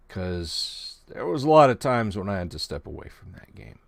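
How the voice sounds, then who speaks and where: Low-voiced man hosting with emphasis. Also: sing-song, normal speed, vocal fry, few pauses, no room sound, clean studio sound. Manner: emphatic, dramatic build-ups. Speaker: podcast host. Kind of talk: sports podcast opening monologue.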